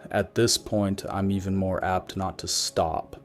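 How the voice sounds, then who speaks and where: A man's voice: low voice, steady tone, measured pace, faint music behind. A man narrating a creepy story in a wry, matter-of-fact way.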